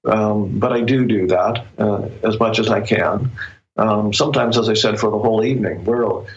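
Brief: male author guest, lowish voice, slow reflective delivery with pauses, muffled lo-fi recording. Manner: reflective, thoughtful, pauses often to find words. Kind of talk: casual interview conversation.

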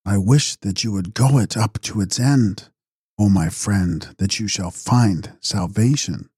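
A man voicing a calm, wise young seeker who speaks quietly and kindly, without mockery. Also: fairly low pitch, unhurried, husky, no echo, studio quality. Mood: gentle, resolved.

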